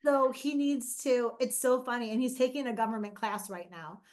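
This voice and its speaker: A high-pitched woman chatting as an interview guest. She tells animated stories, often laughs and acts out the lines of people she quotes. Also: moderate pace. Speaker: guest, mother of an autistic son. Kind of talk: casual interview chat.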